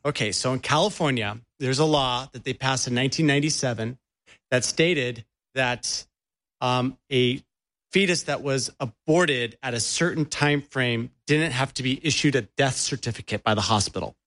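A man's voice: mid-range voice, normal speed, a bit bright. Sarcastic male radio co-host. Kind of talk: political talk radio chat.

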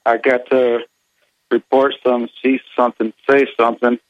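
A man calling a radio show with deadpan sarcasm, slow and hesitant. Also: mid-range voice, no room sound, narrow, tinny audio. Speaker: caller. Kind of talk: sarcastic phone-in call.

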